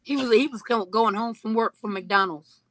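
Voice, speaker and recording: A woman guest on a livestream, adding remarks in a quiet, matter-of-fact way. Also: fairly high pitch, normal speed, dry recording. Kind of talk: livestream discussion.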